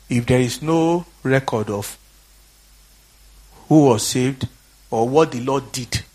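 A Nigerian man preaching a fiery, exhorting sermon that swings from quiet talk to shouting. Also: mid-range voice, breathy edge. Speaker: pastor.

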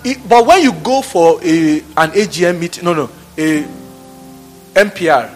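High-voiced preacher man. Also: normal speed, soft background music. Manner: animated, laughing, acting out office scenes. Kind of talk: sermon.

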